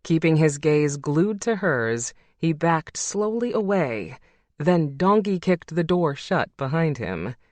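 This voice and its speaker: An audiobook narrator reading a romance novel in a measured, intimate way. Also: medium pitch, big pitch swings, darkish tone, no room sound.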